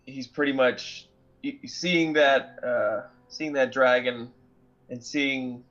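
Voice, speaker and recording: Brief: mid-pitched male player, halting and thoughtful, on slightly muffled lo-fi audio. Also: fairly even intonation, a bit bright. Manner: hesitant, thoughtful, many fillers. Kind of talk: describing his character's choices.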